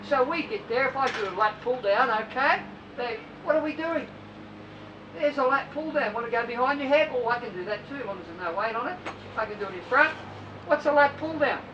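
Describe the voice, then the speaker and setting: A high-pitched woman coaching swimmers in a blunt, no-nonsense way, firing rhetorical questions at her squad. She sits well back from the mic, so the voice sounds distant. Vehicle noise runs clearly underneath. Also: dull audio. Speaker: swim coach.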